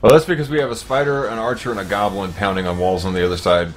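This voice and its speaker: A man with a low voice talks strategy with his teammates over voice chat. He laughs often and restarts his words as he goes. Faint music plays behind him. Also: fairly even intonation, fast talker. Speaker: game player. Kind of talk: casual gaming voice chat.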